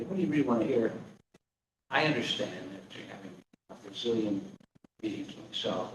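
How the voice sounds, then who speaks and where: An older man, a county commissioner, giving rambling, chatty remarks at a public meeting. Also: on the low side. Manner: rambling, chatty, many fillers. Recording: echoey room, distant mic, background noise.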